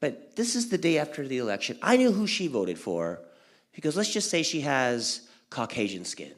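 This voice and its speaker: Animated male stand-up comic. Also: normal speed. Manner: animated storytelling, acting out family members, big pitch jumps. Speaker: stand-up comedian. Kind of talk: stand-up comedy set. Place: community center event hall.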